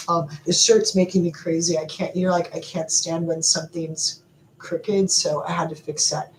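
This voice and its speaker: A middle-aged woman hosting a live stream, talking to viewers in an animated, emotional and rambling way, often laughing. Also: low-pitched, normal speed. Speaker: livestream host. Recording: echoey room with faint background noise.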